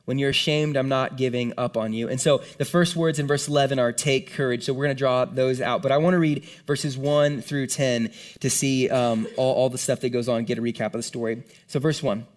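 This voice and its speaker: A man preaching a sermon to a congregation in a room, speaking in an animated, conversational way with casual slang. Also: mid-range voice, brisk, hardly any pauses. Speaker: pastor.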